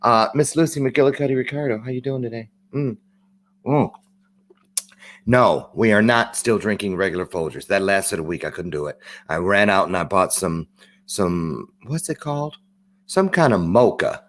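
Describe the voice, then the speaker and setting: A man's voice: fairly low pitch, lively intonation, normal speed, a bit bright. A man hosting a live-streamed talk show, chatting in an upbeat, rambling way with lots of asides. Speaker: host.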